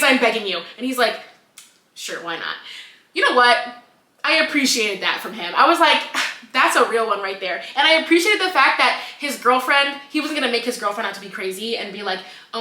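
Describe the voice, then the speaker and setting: A young woman co-hosting a book podcast, retelling the plot in a lively, casual way, acting out the characters and swearing freely. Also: a little high, brisk, roomy sound. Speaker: podcast co-host. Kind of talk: casual chat.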